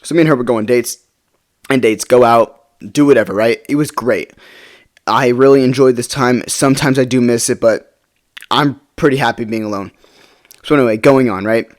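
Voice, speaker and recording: A young man speaks at a moderate pace in a medium-pitched voice, sharing a personal story in a casual vlog. His telling is rambling and full of fillers, and he keeps asking the listener "right?"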